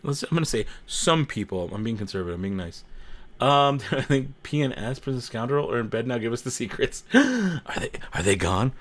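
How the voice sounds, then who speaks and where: A man's voice: medium pitch, brisk, a bit bright. A man hosting a casual livestream, chatting with viewers and reading their comments, joking, laughing often and repeating himself. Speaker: livestream host.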